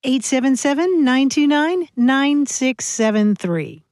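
A woman's voice: high-pitched, animated, slow pace. A woman co-hosting a radio show on language, talking in a conversational way. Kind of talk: radio talk. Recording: dry studio mic.

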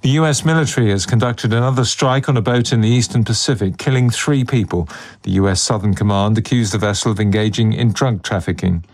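A man reads a news bulletin in a measured, formal delivery. His voice sits fairly low and stays steady throughout. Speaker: newsreader.

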